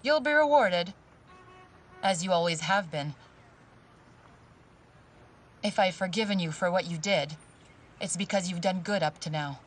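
An actress voicing a controlling woman who gives calm, commanding orders. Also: lowish voice, moderate pace, recorded from a distance, slight background noise, natural voice. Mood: cold.

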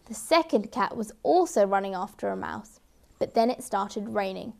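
Gentle woman reading a children's story. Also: medium pitch, moderate pace, creaky. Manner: gentle, expressive, with emphatic repeats.

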